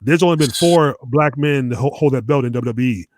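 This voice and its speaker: A man's voice: medium pitch, fairly quick. A man hosting a casual wrestling podcast, blunt and profane, often repeating words as he goes. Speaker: podcast host. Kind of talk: casual chat.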